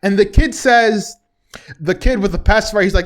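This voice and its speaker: A man's voice: high-pitched, expressive, normal speed. A young man casually recapping a TV episode, chatty and chuckling often between remarks. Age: young adult. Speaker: TV recap vlogger.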